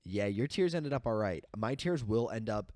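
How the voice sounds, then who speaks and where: A man co-hosting a reality TV podcast, talking in an animated, rambling way with many restarts. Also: fairly low pitch, normal speed, dry recording, clean studio sound. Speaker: podcast co-host. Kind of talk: casual chat.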